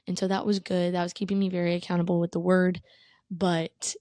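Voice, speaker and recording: Twenties woman rambling thru her faith struggles on her podcast, earnest and emotional, mid pitch, dry sound. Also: dark tone, no echo. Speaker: podcast host. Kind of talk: casual faith testimony monologue.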